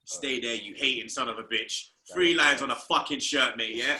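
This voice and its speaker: A man hosting a casual football talk show, loud and excitable and swearing a lot. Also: medium pitch, normal speed, echoey room, poor audio. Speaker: host.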